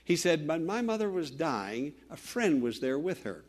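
An older male pastor delivers a sermon in a fairly high voice. He swings from ringing, emphatic declarations to quiet, hushed storytelling. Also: big pitch swings, moderate pace.

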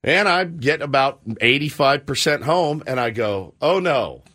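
A man's voice: mid-range voice, unhurried. A middle-aged man hosting a show, telling a story in a self-mocking way and slipping into the voices of the people in it. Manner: animated, self-mocking, jumps into quoted voices. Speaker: radio show host. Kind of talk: casual storytelling banter.

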